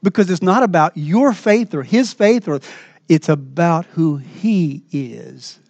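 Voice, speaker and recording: A man preaching a sermon as pastor in a church, earnest and emphatic, moving between raised passages and hushed asides. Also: fairly high pitch, expressive, slow, dry recording, lo-fi sound.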